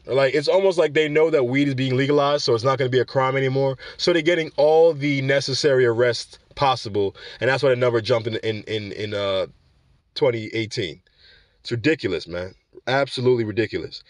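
A man's voice: mid-range voice, a little fast, no room sound. Casual man reading news and commenting. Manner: trips over words, corrects himself, breaks off for opinions. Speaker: show host.

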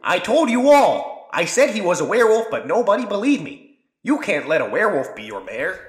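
A man voicing a shrill townsman who accuses and feels vindicated. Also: sing-song, fairly quick, echoey room. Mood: triumphant.

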